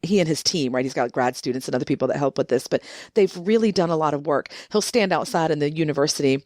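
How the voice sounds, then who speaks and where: A woman guest on a conversational podcast, telling stories in an animated way, with emphatic stress and frequent restarts. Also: low-pitched, fast, dry recording, clean studio sound. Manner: emphatic, many restarts and rising indignation. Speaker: guest, book contributor.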